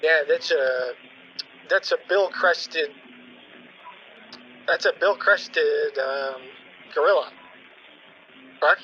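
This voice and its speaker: A man hosting a podcast in casual chat, playfully acting clueless and deadpan while prank-calling a scammer. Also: a little high, very slow, pauses often, muffled recording, a little hiss or hum.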